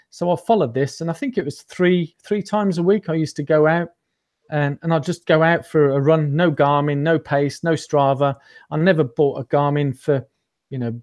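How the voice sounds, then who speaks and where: A man with a higher, slightly mellow voice recounts his story as an interview guest. He's an amateur runner, and the casual storytelling chat is rambling and self-deprecating, peppered with ums and restarts.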